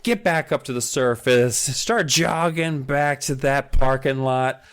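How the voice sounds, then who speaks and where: A man on a podcast, reading a horror book aloud with drama and then recapping it with jokes and loud shouted character lines. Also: mid-range voice, a little slow, clean tone. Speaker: podcast co-host.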